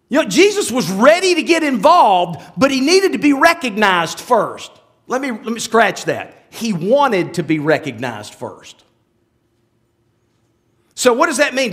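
A pastor with a high, slightly bright voice preaches conversationally. He keeps drifting into asides and restarting his sentences, and often puts rhetorical questions to his listeners.

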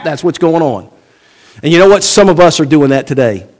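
A man's voice: on the high side, lively intonation, a little fast. A man preaching a sermon, asking rhetorical questions and acting out quoted voices. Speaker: pastor.

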